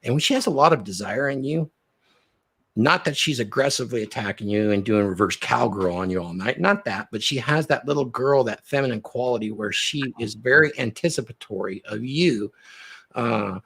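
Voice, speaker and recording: A man talking as a dating coach on a podcast, animated and acting out little scenes as he explains. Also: mid-range voice, moderate pace, creaky, husky. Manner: animated, acts out quoted lines. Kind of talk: podcast chat.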